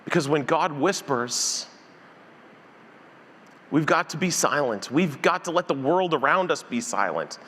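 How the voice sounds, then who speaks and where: A man's voice: fairly high pitch, measured pace, long pauses, in a large hall, slight background noise. A male pastor preaching a sermon, acting out the voices of the story as he tells it. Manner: animated preacher who acts out voices in the story. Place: church sanctuary.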